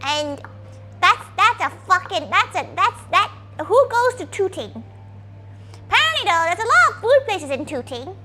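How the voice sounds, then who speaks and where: A woman's voice: very high voice, big pitch swings, normal speed, sharp tone, a little hiss or hum. A woman streaming as a VTuber, chatting casually while cooking and talking to her dog, playful and crude, referring to herself in the third person.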